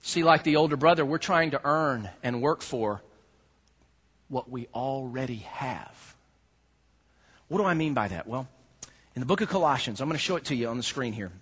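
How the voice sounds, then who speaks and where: This pastor's voice sits at a medium pitch and is slightly rough, with a moderate pace and frequent pauses. His sermon opens with a comic story from his own life, told with lots of laughs and acted-out lines, before shifting to scripture.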